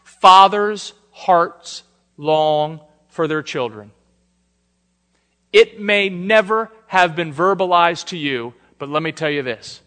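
A man preaching a sermon, shifting between soft, intimate lines and emphatic declarations. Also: on the high side, slow. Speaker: pastor. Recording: long hall reverb.

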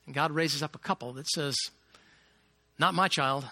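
A man's voice: on the high side, normal speed, sharp tone. A man preaching a sermon, retelling a Bible story with dramatic flair and acting out the quoted lines.

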